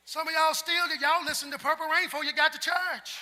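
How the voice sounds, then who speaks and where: A man preaching a sermon as pastor, talking with the congregation and building up to shouts. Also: very high voice, steady tone, a little fast, hardly any pauses, slight background noise. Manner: preacherly, call-and-response, climbs to shouts. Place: large church sanctuary. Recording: long hall reverb in a large sanctuary.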